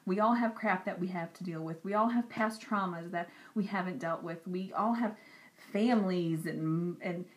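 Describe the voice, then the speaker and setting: A young woman talking earnestly and directly to camera in a personal vlog. She repeats herself for emphasis and sometimes drops into soft, whispery asides. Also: on the low side, moderate pace. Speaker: Christian vlogger. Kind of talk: personal encouraging talk to camera.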